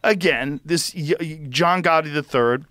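A man hosting a podcast in casual chat, emphatic and swearing freely, loudly acting out the lines of the people he talks about. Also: a little high, a little slow, no room sound, clean studio sound. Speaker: podcast host.

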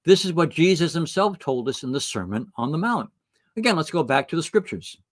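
A man's voice: medium pitch, no echo, studio quality. A man giving a retreat talk, telling a story with acted-out dialogue and reading scripture. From United States. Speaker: retreat speaker.

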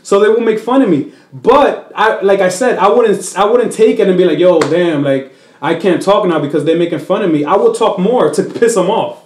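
His voice sits high and moves at a moderate pace, and the sound is roomy. The man is a comedian from the Dominican Republic, chatting casually as an interview guest, code-switching between Spanish and English and animatedly acting out voices in his anecdotes.

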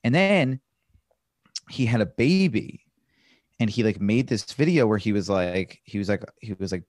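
A comedian guesting on a podcast, telling stories eagerly in casual chat with lots of filler words. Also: male voice, lowish voice, moderate pace, a little mellow, no echo, clean studio sound. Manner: enthusiastic storyteller, heavy on "like" fillers.

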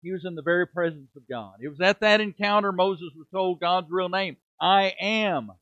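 Middle-aged male preacher, high pitch, emphatic sermon delivery, dull close recording. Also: moderate pace, fairly bright tone, no echo. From United States. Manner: emphatic preaching with rhetorical questions and dramatic drops in volume. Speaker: preaching minister. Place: church sanctuary.

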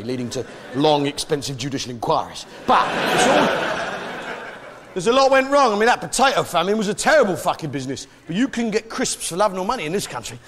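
An English man doing a stand-up comedy rant with bombastic mock-patriotic bluster, barking out punchlines on a comedy stage. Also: on the high side. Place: comedy stage before a live crowd. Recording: loud live audience laughter and noise.

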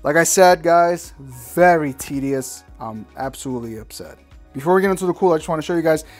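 A man's voice: on the high side, brisk, faint music behind. Slangy, fed-up man reviewing tech. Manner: slangy, exasperated ranting, calls viewers "cats". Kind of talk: casual product install walkthrough.

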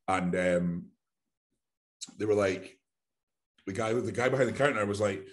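A man with a Glaswegian Scottish accent rambles through a story in casual podcast chat. His voice sits fairly low. He swears freely and slips into the voices of the people he describes. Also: steady tone, moderate pace, pauses often. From Glasgow, Scotland. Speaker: podcast co-host.

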